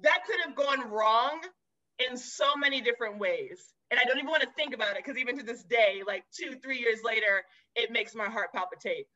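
Bright-voiced woman telling animated stories. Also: on the high side, brisk, dull audio. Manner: lively, expressive, addresses listeners as y'all. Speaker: guest, zookeeper and educator. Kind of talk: animated storytelling.

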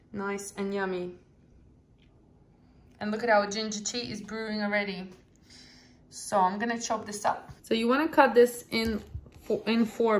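A young woman chatting casually in a home kitchen while showing a recipe, excitable and laughing often. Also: mid-range voice. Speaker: cooking vlogger. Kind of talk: casual cooking demonstration.

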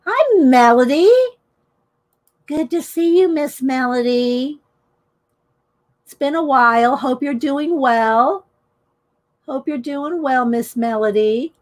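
A middle-aged woman with a high voice hosts a live coloring stream. She talks slowly and easily, greeting each viewer by name as she works. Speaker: live-stream art host. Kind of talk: casual live-stream chat while coloring.

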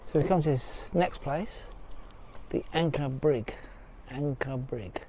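A man's voice: on the high side, slow, warm tone, a little hiss or hum. A middle-aged man narrating a casual travel vlog in a chatty, joking way. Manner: chatty, jokey, talks playfully to his dogs. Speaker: vlogger.

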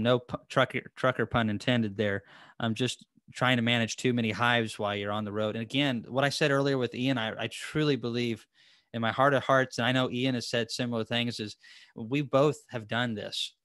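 A man's voice: medium pitch, a bit bright, no echo, clean studio sound. A man hosting a casual live-stream chat, rambling and chatty, with lots of fillers and restarts. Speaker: host. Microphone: headphones and desk mic.

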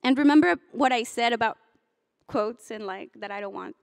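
A young graduating student gives a commencement speech in a fairly high voice. She moves between heartfelt, tearful moments and teasing jokes for her classmates. The sound is close and dry. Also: normal speed, vocal fry, no room sound. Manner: emotional, chokes up and laughs through tears, then jokes with the crowd. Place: hotel ballroom.

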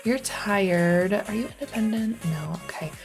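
A woman's voice: medium pitch, measured pace, soft background music. A young woman giving rambling, casual commentary on her own gameplay, full of ums and likes. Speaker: gaming YouTuber.

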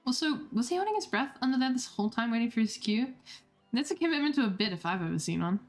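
A woman's voice: high voice, big pitch swings, quick pace, soft background music. A woman streamer reading a dating game aloud, playful and laughing, with self-deprecating asides.

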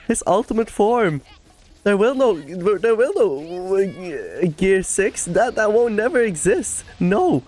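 A woman hosting an anime reaction video, excitable and gushing, breaking into laughter between exclamations. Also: medium pitch, takes it slowly, soft background music.

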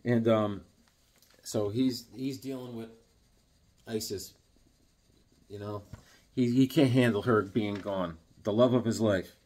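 A man reviewing comics in a casual, excitable, rambling way, full of fillers. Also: fairly low pitch, takes it slowly, pauses often.

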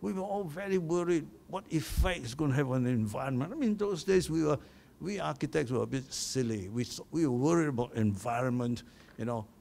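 Gravelly older Malaysian man telling stories. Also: fairly high pitch, lively intonation, fairly quick, darkish tone. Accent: Malaysian English. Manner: storytelling, chuckling at his own anecdotes. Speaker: award recipient giving speech. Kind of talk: anecdotal acceptance speech.

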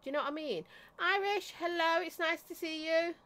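A woman with a high voice hosts a casual live stream from her desk at home. She chats warmly with her viewers and greets each one by name. Now and then she stops to cough or clear her throat. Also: brisk. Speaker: vape reviewer and livestream host.

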